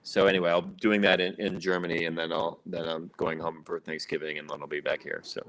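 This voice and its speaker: A man hosting a casual interview over a video call, talking in a halting, thoughtful way with plenty of fillers. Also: low-pitched, level tone, fairly bright tone, slight background noise. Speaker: show host.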